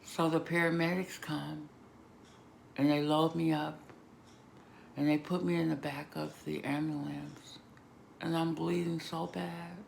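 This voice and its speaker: A woman vlogger giving an emotional, emphatic personal testimony, moving between hushed and loud moments. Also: low-pitched, little pitch movement, unhurried, creaky, pauses often, a little hiss or hum. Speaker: vlogger sharing a personal story.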